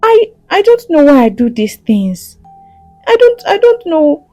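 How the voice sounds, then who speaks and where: A woman voicing a hot-tempered young wife who snaps and then pleads in halting restarts. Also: high-pitched, sing-song, warm tone, no room sound, highs cut off, soft background music, voice pushed up. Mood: pleading.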